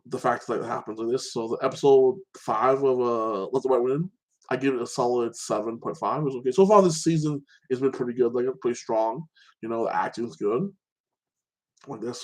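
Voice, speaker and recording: A man's voice: medium pitch, brisk, poor audio. A man casually recapping and reviewing TV episodes as a show host, rambling and restarting his sentences often. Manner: rambling, with many restarts and frequent "like this".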